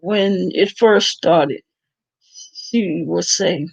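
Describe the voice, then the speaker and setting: A woman hosts a relaxed livestream chat, talking loosely and laughing often between thoughts. Her voice is husky with a gravelly edge. The sound is dry and a little dull, as from a cheap mic. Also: on the low side, no echo. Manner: chatty, laughs often, drawn-out pauses. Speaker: livestream host. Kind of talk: casual chat with viewers.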